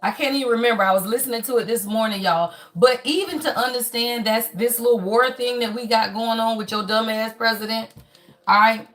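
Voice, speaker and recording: A woman's voice: on the high side, a little fast, faint music behind. A woman hosting a spiritual reading live stream, talking casually and preaching bluntly, with lots of cussing, and calling her viewers "y'all" over and over. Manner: blunt, profane, calls the audience "y'all" constantly; lively, preachy and emphatic. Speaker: spiritual reading channel host. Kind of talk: casual livestream chat.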